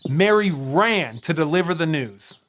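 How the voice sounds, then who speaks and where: Guy telling a bible story for kids, lively ups and downs, dramatic pauses. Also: fairly high pitch, slight background noise. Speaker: storyteller on a kids' show. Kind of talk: scripted children's Bible narration.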